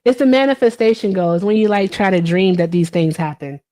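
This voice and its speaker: A woman's voice: mid-range voice, a little fast, mellow. A woman in her thirties chatting casually on a live stream, reading and answering viewer comments, with many fillers.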